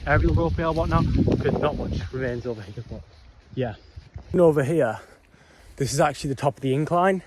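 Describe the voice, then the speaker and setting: A man's voice: fairly high pitch, fairly quick. A young man giving casual walking commentary while he explores old ruins, rambling with lots of ums, a bit out of breath. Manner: rambling, chatty, frequent ums and whatnots. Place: outdoors on a windy hillside. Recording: noisy outdoor camera audio.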